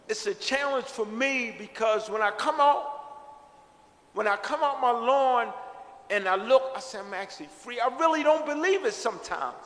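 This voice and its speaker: A man's voice: very high-pitched, a bit bright, in a large hall. A middle-aged man earnestly telling his own life story in an interview, reflective and often repeating himself. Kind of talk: personal storytelling.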